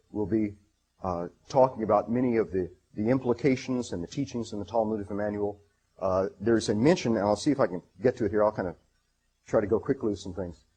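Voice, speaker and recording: A man giving a lecture presentation, reading passages aloud, halting with many fillers and restarts and enthusiastic about his material. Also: on the low side, dark tone, breathy edge.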